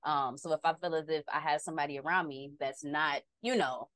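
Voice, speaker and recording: A woman with a lowish voice co-hosts a casual chat. She talks in a playful, sassy way and laughs often. The sound is dry and close. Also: steady tone, brisk, fairly bright tone, dry recording. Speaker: co-host.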